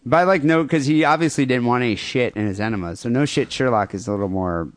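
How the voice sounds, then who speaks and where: A man's voice: medium pitch, fast, no echo. A man co-hosting a crude podcast, reading listener emails and rambling sarcastically. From United States. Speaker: podcast co-host.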